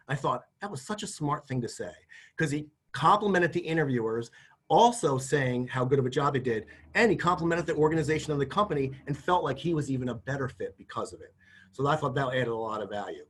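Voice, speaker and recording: A man's voice: mid-range voice, lively intonation, fast, fairly bright tone, husky. A middle-aged man giving practical job interview advice in a conversational, folksy way, often acting out sample lines. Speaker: career services presenter. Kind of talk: instructional talk.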